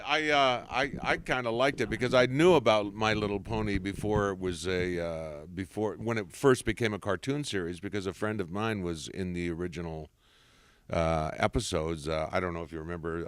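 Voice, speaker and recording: A jovial man talking in an interview, telling stories with easy humor. His voice is smooth and resonant, recorded close and dry. He sounds like a veteran voice actor swapping anecdotes. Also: low voice, moderate pace, no echo. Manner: jovial storyteller, slips into voices and big laughs. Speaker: voice actor guest. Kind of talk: convention interview chat. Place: convention room.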